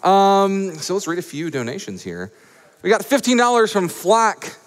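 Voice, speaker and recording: A man works the crowd as a live event host, full of playful, showy banter and fancy words. His voice sits high and swoops all over the place. The sound carries a long hall reverb. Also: sing-song, moderate pace. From Atlanta, US. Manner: playful, showy emcee patter with big words. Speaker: marathon host. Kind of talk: hyped live event hosting.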